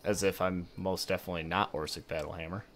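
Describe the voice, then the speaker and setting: A man playing a tabletop game, describing his character's actions in a dry, low-key manner. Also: fairly even intonation, fast, a bit bright, slight background noise. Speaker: player. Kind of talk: casual tabletop play.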